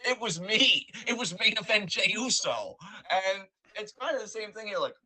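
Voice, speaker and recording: A man co-hosting a casual podcast chat over a call, lively and slipping into character voices as he talks. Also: sits high, moderate pace, rough recording. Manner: animated, acts out quotes in character voices. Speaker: podcast co-host. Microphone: remote call mic.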